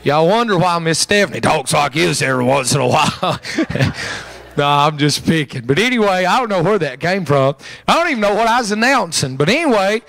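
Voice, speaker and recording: A man's voice: fairly high pitch, expressive, normal speed, creaky, fairly bright tone. A man making church announcements, telling stories in a folksy, joking way and chuckling between lines. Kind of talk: pulpit announcements and storytelling. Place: church sanctuary.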